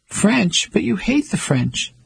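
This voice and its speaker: A man with a raspy voice voicing a proud, indignant middle-aged English wife who speaks in clipped, cold tones. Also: high-pitched, very animated, slow, dry recording, voice pushed up, exaggerated voice. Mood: incredulous.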